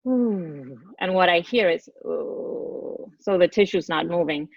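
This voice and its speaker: A woman's voice: lowish voice, expressive, measured pace, dry recording. A woman speech therapist from Argentina explaining voice therapy on a panel, demonstrating sounds as she goes. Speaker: speech-language pathologist. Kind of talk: panel answer. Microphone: video call. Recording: dull lo-fi video call audio.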